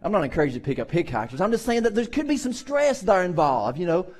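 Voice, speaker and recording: A man's voice: high voice, very animated, quick pace, darkish tone. A man pastor preaching a sermon in a conversational way, acting out the people in Bible stories with voices.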